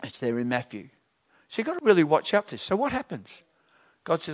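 Animated man preaching. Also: fairly high pitch, brisk, long pauses. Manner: animated, acts out voices and questions. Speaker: pastor. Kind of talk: conversational sermon.

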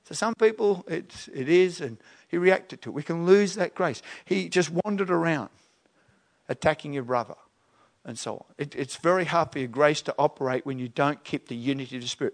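Male pastor, slightly high voice, animated conversational sermon delivery. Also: moderate pace. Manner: animated, acts out voices and questions.

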